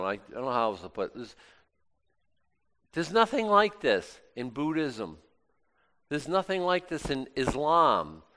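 A man preaching a sermon in a conversational way, swinging from loud exclamations to quiet asides and often restarting his words. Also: medium pitch.

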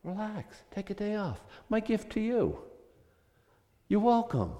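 A man's voice: on the high side, wildly swooping pitch, a little slow, a little mellow, in a large hall, heavily acted. A preacher voicing God, easygoing and fatherly. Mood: reassuring. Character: God, calm fatherly male deity.

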